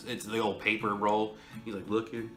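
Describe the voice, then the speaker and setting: A man's voice: fairly low pitch, little pitch movement, moderate pace, a bit bright. A man telling a story in a casual, rambling way, often chuckling. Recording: roomy echo, faint music.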